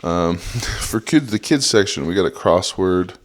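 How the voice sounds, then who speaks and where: A man's voice: deep voice, expressive, a little slow. A young man hosting a solo comedy podcast, swearing a lot and mocking what he reads in a sarcastic rant. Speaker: podcast host.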